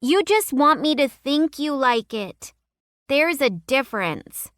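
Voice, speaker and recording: Lady doing a high piping precocious little girl, bossy, kinda lecturing, dry close audiobook read. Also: sing-song, slow pace, fairly bright tone, no echo, exaggerated voice. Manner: emphatic, lecturing.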